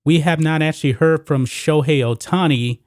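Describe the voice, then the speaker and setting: A man hosting a solo sports commentary show, talking emphatically and pushing his pitch up on the points he stresses. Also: normal speed, no echo, clean studio sound.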